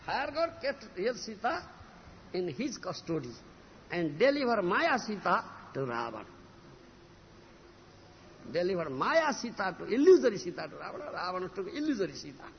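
A man's voice: sits high, creaky. A man giving a sermon that retells a scripture story, often checking his listeners with a questioning "huh?", heard in a reverberant hall on a dull lo-fi recording with a faint hum. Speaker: preacher.

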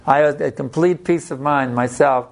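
A man teaching a devotional scripture class in an unhurried, plain-spoken way, telling personal stories. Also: fairly high pitch, vocal fry.

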